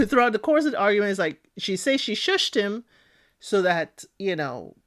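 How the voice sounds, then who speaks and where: A woman hosting a podcast, giving a casual, opinionated TV recap and acting out what people said. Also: mid-range voice. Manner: expressive, acts out other people's lines. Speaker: podcast host.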